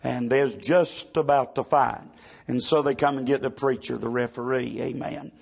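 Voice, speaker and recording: A man's voice: mid-range voice, fairly even intonation, normal speed, vocal fry, breathy edge. A man, a pastor telling a story from the pulpit and dropping "amen" after nearly every line. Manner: testimony peppered with constant "amen". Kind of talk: storytelling sermon.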